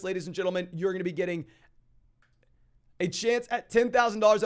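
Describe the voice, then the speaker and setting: A young man with a high-pitched voice hosts a fantasy football live stream, reading viewer questions aloud and answering them with quick, energetic sports talk.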